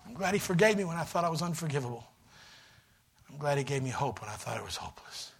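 A man preaching a sermon as a guest preacher in a church, swinging from shouted fervor to a soft, pleading altar call. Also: a little high, very animated, quick pace, creaky, husky. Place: church sanctuary.

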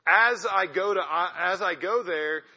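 Joking young man, very bright voice. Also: sits high, unhurried, husky. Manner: chatty, self-deprecating and joking. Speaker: missionary. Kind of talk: missionary's talk to a church congregation. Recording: echoey hall, dull lo-fi sound.

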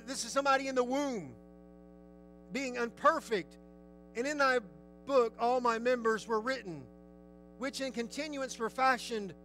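A man preaching a sermon, earnest and folksy, who slows down to read scripture aloud. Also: sits high, a bit bright, poor audio. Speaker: pastor.

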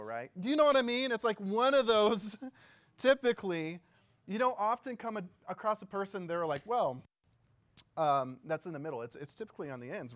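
A man giving a casual sermon as a pastor, talking conversationally, joking and often asking his listeners questions. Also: sits high. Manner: laughs easily and jokes.

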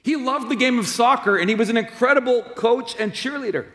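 Male pastor with a high voice, friendly and conversational from the pulpit, long church reverb. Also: brisk, fairly bright tone. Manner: friendly, conversational preaching with personal stories. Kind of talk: sermon. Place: church sanctuary.

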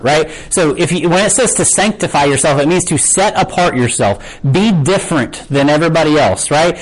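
A man's voice: on the high side, low-quality recording. A man preaching a casual, conversational sermon to his congregation, often asking "right?" and loosely losing and finding his place. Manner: chatty, asks "right?" often, loses his place and laughs it off. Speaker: pastor.

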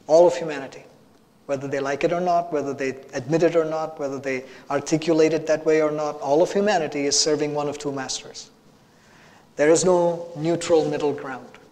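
A man preaching to his congregation, his fairly high voice climbing through repeated phrases to forceful peaks. The sanctuary around him carries a long, lingering reverb. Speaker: pastor. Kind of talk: sermon. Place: church sanctuary.

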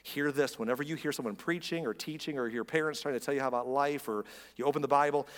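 A man's voice: medium pitch, quick pace. Earnest man preaching in a reverberant hall. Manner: earnest, conversational preaching with frequent restarts. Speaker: pastor. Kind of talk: sermon.

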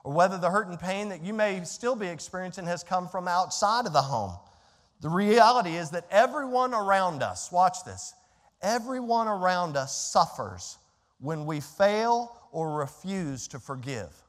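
An older man preaching a sermon as pastor, emphatic and conversational, swinging from hushed to loud with asides to the congregation. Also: high-pitched, animated, unhurried. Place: church sanctuary. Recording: echoey hall with faint music.

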